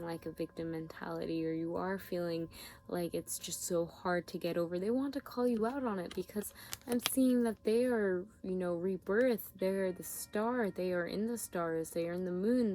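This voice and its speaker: A tired woman giving a spiritual tarot reading, talking gently with searching, repetitive phrasing and many fillers. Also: medium pitch. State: yawning, tired. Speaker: tarot reader.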